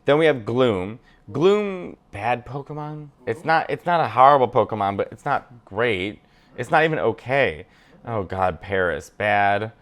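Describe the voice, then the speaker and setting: A man chatting casually and animatedly while ranking a list, now and then breaking into squeaky voices. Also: animated, a little slow, fairly bright tone. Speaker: comedian ranking Pokémon. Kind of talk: casual chat.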